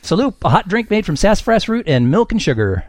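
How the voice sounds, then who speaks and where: Guy hosting a quiz podcast, wry and self-mocking, voice all over the place pitch-wise, dry close mic. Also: big pitch swings, fairly quick, darkish tone, no echo. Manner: wry, self-mocking, reads scores and answers aloud. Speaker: quiz game host. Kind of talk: casual podcast game hosting.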